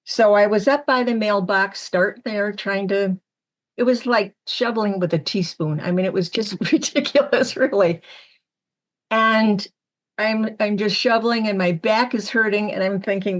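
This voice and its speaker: Woman storyteller from upstate New York, lively with the quoted voices. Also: mid-range voice, moderate pace. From Syracuse, New York area. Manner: animated storyteller acting out quoted lines. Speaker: medium, panel guest. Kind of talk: storytelling on a panel podcast.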